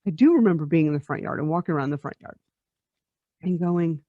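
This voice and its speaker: Warm-voiced reflective woman podcast host. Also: low voice, animated, fast, pauses often, no room sound. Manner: reflective and spiritual, often laughing, repeating words. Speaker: podcast host and life coach. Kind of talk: personal storytelling monologue. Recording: dull lo-fi dry recording.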